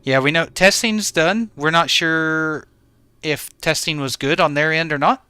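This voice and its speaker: A man's voice: a little high, unhurried, sharp tone, smooth, dry recording. A man streaming a game from home in regional Australia, easygoing as he greets and thanks viewers by name. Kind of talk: live stream chat with viewers.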